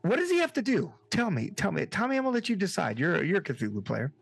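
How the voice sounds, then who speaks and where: A man running a tabletop horror game online as game master, laid-back and quick to laugh. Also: high-pitched, big pitch swings, creaky. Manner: laid-back, laughs often, says dude.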